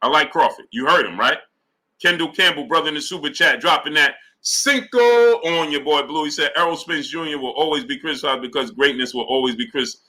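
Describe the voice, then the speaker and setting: A male boxing streamer with a very bright, somewhat high voice. He talks in an animated, casual way. He keeps greeting his chat viewers by name between his points. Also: a little fast, rough recording. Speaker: boxing talk show host. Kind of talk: live-stream chat reading super chats.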